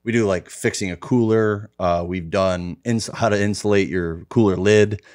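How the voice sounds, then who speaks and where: A man guest in a casual podcast chat, relaxed and rambling, swearing casually. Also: lowish voice, normal speed.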